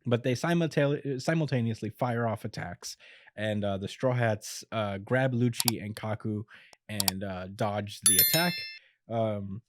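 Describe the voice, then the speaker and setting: A man's voice: on the low side, unhurried. Laid-back man recapping on a podcast. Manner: laid-back retelling with chuckles and filler words. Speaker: podcast host. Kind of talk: casual episode recap. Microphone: podcast mic.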